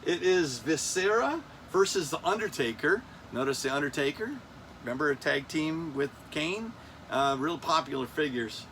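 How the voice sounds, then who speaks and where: A man in his fifties hosts a relaxed toy countdown from an air-conditioned room, rambling along, poking fun at himself, and losing track of where he is. As a toy collector, he speaks at a moderate pace with a slightly high, expressive, fairly bright voice over faint background noise.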